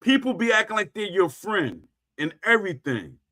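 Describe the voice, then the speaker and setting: A man's voice: sits high, big pitch swings, normal speed, sharp tone. A middle-aged man hosting a stream, ranting to his viewers in an emphatic, repetitive way and hammering his points home. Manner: emphatic, repetitive, punctuates claims with "Facts". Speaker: streamer host.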